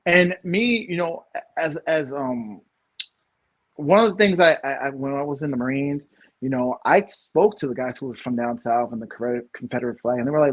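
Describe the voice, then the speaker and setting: A man's voice: medium pitch, a little fast. A man in his thirties from New York, co-hosting a casual podcast and rambling through opinions with many restarts and emphatic bursts. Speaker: podcast co-host.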